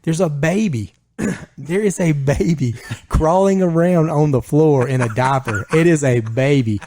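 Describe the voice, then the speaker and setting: A man co-hosting a podcast, telling a long, animated story. His voice jumps up whenever he quotes himself. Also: fairly high pitch, unhurried, dry recording. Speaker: podcast co-host. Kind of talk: casual storytelling chat.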